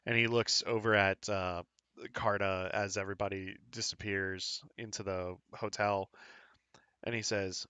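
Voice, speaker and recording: A man's voice: on the low side, flat delivery, measured pace, sharp tone, clear, resonant tone, no room sound. Guy running a tabletop game, chill and loose, dry close sound. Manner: loose, laughing, with many fillers. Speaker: game master.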